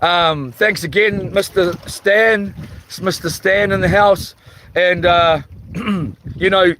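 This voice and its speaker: A man talks slowly and loosely into his phone while fishing at night, pausing often as he hunts through chat messages. His voice sits fairly high and bright, with a slightly rough, tired edge to it. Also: fairly even intonation, a little hiss or hum. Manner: rambling, halting, reads chat comments aloud. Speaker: livestream host. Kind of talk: casual livestream chat. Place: outdoors on a rock by the water at night.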